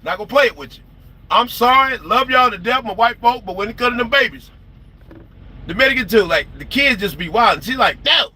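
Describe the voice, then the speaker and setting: A man's voice: extremely high pitch, expressive, a little fast, pushed and bright. A man telling stories in a casual, profane rant on a porch, and he acts out the people he quotes. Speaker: trucker vlogger. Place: porch, outdoors.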